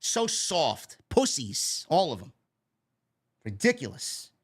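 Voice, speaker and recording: A man's voice: on the high side, slow pace, breathy edge, no room sound, clean studio sound. A man hosting a casual wrestling review show, reading super chats and ranting bluntly with plenty of swearing. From New York. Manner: blunt, profane, animated rants.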